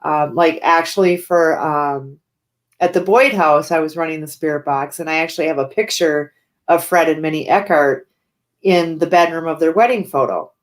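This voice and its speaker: A woman's voice: low voice, normal speed. A woman who owns a haunted house, telling her ghost-hunting stories in a casual chat with lots of fillers and restarts. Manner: chatty, many fillers and restarts. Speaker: haunted house owner and paranormal investigator. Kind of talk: casual storytelling interview.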